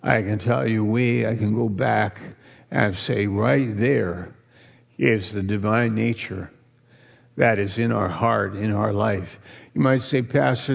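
Slow gravelly pastor preaching. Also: male voice, on the low side. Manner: playful, quizzes the congregation; drawn-out emphasis on key words. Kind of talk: sermon.

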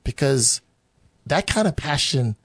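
Animated man teaching Scripture. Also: a little high, unhurried, slightly rough. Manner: animated, acts out God's voice in quotes; restarts and repeats phrases often. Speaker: pastor or Bible teacher. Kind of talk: conversational Bible teaching.

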